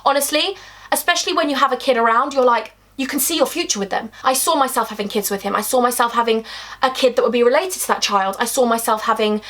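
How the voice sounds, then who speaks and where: A woman's voice: a little high, fast, a bit bright. A young woman from England telling a chatty, emphatic storytime vlog, acting out bits of dialogue. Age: young adult. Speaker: vlogger.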